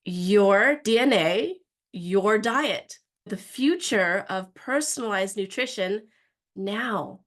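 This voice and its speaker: A woman co-hosting a relaxed podcast, speaking in a middle pitch. She gushes with warm enthusiasm, doubling back over her words as she goes. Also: takes it slowly. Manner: warm, effusive, with frequent restarts and laughs. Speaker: podcast co-host and practice manager. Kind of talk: casual podcast chat.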